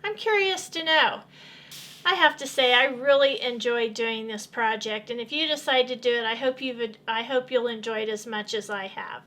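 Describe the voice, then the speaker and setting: A woman's voice: on the high side, normal speed, pushed and bright. Chatty woman demonstrating quilting steps. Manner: friendly, chatty, explains as she works. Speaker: quilting channel host. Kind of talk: casual step-by-step sewing tutorial.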